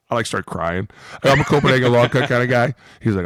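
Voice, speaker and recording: A man co-hosting a casual podcast, telling animated stories and acting out quotes. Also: medium pitch, racing, no echo, studio quality. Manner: animated storyteller, acts out quotes. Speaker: podcast co-host, former lineman. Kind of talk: casual chat.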